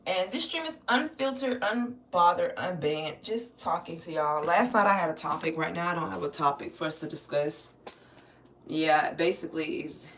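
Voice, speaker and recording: A woman's voice: on the low side, lively intonation, moderate pace, fairly bright tone, far from the mic, a little hiss or hum. An American woman chatting loosely with her live-stream viewers from home and swearing casually. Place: home, moving about the room. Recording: roomy sound, voice off the mic.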